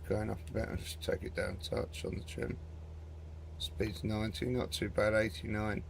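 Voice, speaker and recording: A man's voice: lowish voice, little pitch movement, moderate pace, vocal fry, a little hiss or hum. A man hosting a flight simulator game video, chatting casually and rambling as he flies, often calling the viewer mate. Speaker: gaming channel host. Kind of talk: casual gameplay commentary.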